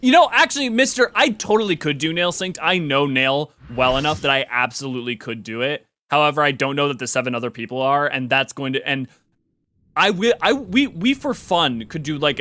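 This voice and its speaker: Animated, rambling man streaming a game. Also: fairly high pitch. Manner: animated, rambling, casually profane. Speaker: game streamer and lore host. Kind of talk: casual live game stream chat.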